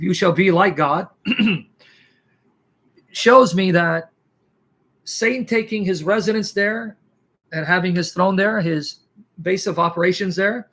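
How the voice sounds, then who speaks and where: Casting: male apologist, fairly high pitch, forceful, lecturing, full of rhetorical questions. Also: measured pace, long pauses. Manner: emphatic, rhetorical questions, clears throat. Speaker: Christian apologist guest. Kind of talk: animated theological argument.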